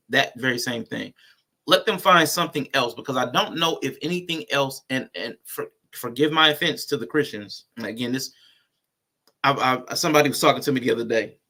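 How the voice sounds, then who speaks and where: A man's voice: mid-range voice, fairly quick, vocal fry, sharp tone. A man hosting casual reaction commentary, blunt and conversational. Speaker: host.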